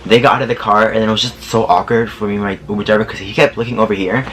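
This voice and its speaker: A young man telling a story to camera in a casual vlog, sassy and animated, swearing freely and laughing often. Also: fairly low pitch, very fast.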